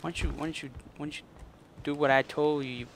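A man's voice: on the high side, steady tone, fast, gravelly, heavy background noise. A man commenting on his own gameplay, muttering and cursing at the game in frustration. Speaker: gaming channel host. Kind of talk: let's play commentary.

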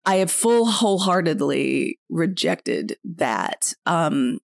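A woman from Mississippi, a parent co-hosting a podcast, speaking in a candid, reflective casual chat with drawn-out phrasing. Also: low-pitched, very animated, vocal fry, no room sound, studio quality. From Mississippi, USA.

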